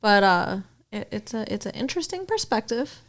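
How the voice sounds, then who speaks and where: A woman's voice: medium pitch, sing-song, normal speed, fairly bright tone. A woman co-hosting a podcast, chatting casually in a wry, blunt way and swearing freely. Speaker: podcast co-host. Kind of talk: casual chat.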